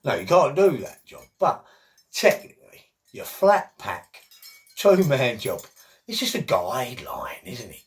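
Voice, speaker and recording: A man's voice: medium pitch, sing-song, unhurried. A middle-aged man, talking in a chatty, rambling monologue full of jokey asides.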